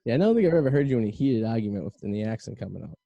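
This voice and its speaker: A man with a Boston accent hosting a podcast, joking and rambling in quick banter. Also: medium pitch, sing-song, creaky, warm tone, no echo, highs cut off. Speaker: podcast host. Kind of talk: casual chat.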